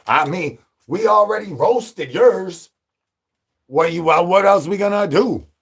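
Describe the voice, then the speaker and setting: This livestreaming man has a high, expressive voice with a breathy edge and a slightly slow pace. He rambles crude jokes at his chat, speaking to them directly in a repetitive, joking manner.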